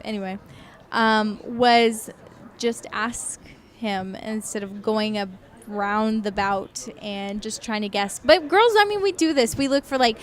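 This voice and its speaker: A woman's voice: a little high, a little slow. A young woman guesting on a casual podcast, chatty and playful, steering the talk back on topic.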